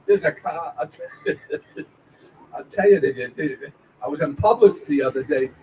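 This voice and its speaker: A man doing a stand-up comedy set at an open mic, with a halting, stammering delivery full of fillers and chuckles at his own jokes. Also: fairly high pitch, expressive, darkish tone, a little hiss or hum, rough recording. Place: small venue at an open mic night.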